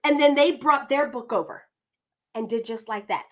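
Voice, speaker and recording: A woman's voice: high-pitched, normal speed. A woman hosting a podcast, introducing her guest in a chatty, digressive way, often calling listeners "y'all.". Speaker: podcast host.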